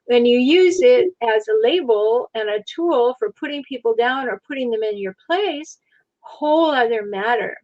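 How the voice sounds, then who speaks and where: A woman's voice: fairly high pitch, expressive, normal speed, a little mellow, no room sound, dull audio. A woman hosting a discussion in a chatty, wry manner, often laughing. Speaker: host. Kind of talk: casual discussion.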